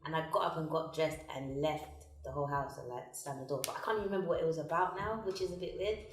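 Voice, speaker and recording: A woman's voice: low-pitched, fast, far from the mic. A young woman, chatting casually and giggling about her relationship on a couples chat show. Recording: echoey room with music underneath.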